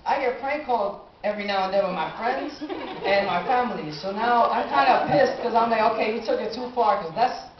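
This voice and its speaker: 18 yo guy doing a live story onstage, animated, roomy echoey sound, kinda dull audio. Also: high voice, a little fast, hardly any pauses, noisy background. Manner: animated, acts out his own reactions. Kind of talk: live personal storytelling on stage. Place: live stage in a small cafe venue.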